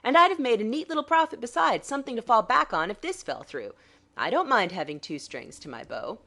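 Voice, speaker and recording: A woman's voice: fairly high pitch, big pitch swings, fairly quick, pushed and bright, pitched above the performer's own voice, heavily acted. A woman voicing a smug, sarcastic male swindler who talks down to his partners in an audiobook. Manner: dry, sarcastic, smoothly condescending. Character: smug scheming male crook, cool and sarcastic.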